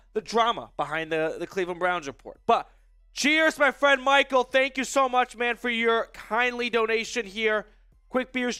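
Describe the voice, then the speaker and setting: Stuffy nasal guy hosting a live sports stream, high bright voice, upbeat and chatty, dry close mic, faint music. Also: clear, resonant tone, dry recording. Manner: upbeat, chatty, shouts out viewers. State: stuffy nose from a cold. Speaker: sports show host.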